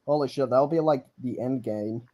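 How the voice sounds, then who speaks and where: A man talks in a laid-back way on a casual stream chat, swearing and repeating his lines. His voice is mid-pitched. The recording is dry and close. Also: moderate pace, dry recording, muffled recording. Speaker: guest.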